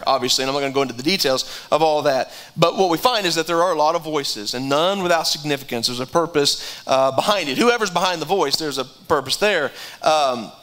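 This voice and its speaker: A man preaching a sermon in a conversational way, often repeating words and climbing higher when he is stirred. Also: a bit bright, low-quality recording.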